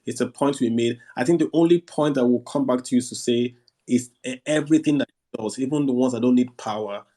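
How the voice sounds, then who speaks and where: Nigerian male host, husky voice, blunt and argumentative, rhetorical questions. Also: medium pitch, a little fast, mellow. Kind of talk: casual live audio discussion.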